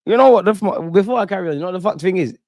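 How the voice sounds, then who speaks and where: A young man hosting a live football reaction stream, excitable and slangy, swearing and reading chat aloud. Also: sits high, very fast, no room sound, studio quality. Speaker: football fan channel host.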